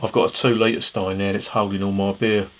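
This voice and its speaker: A man's voice: lowish voice, little pitch movement, brisk, soft background music. A man, reviewing a beer in a chatty, rambling way with jokey asides. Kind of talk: casual beer review to camera.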